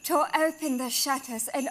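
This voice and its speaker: This is a woman putting on a glamorous film actress who reads in a hushed, breathy, dramatic way. The voice sits high. Noise is clearly audible behind her. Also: steady tone, moderate pace, close to an everyday voice. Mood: dreamy.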